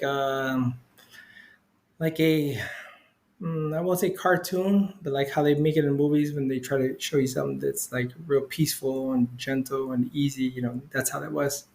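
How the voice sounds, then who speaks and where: A middle-aged man, a spiritual healer, telling his story in a casual, rambling way, full of "you know" fillers. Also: a little mellow. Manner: acts out quoted voices with big pitch jumps. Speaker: interview guest, spiritual healer.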